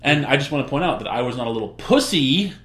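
A man's voice: medium pitch, animated, fairly bright tone, reverberant. A man in casual chat, jumping in eagerly and acting out what people said. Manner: fast, eager, interjects, acts out quotes.

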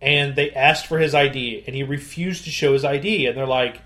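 A man in his thirties co-hosting a podcast, telling stories in a casual, animated and profane way, acting out quotes loudly. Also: mid-range voice, brisk. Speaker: podcast co-host. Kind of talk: casual storytelling chat.

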